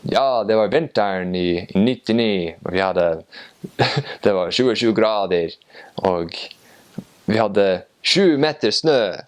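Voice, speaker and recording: A man imitating a sweet old male fisherman with a thick Northern Norwegian accent, slow and drawn-out. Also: fairly low pitch, animated. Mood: chatty.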